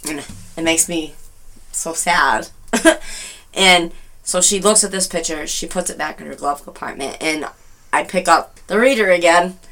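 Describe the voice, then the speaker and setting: A podcast co-host on a casual talk show tells a personal story with animation and emotion, acting out what people said. Her voice is lowish and unhurried.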